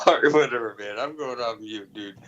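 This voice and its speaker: A man's voice: mid-range voice, normal speed, fairly bright tone. A man calling in to a stream, joking in a laid-back way. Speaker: caller on a voice call. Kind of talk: casual chat. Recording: dull voice-call audio.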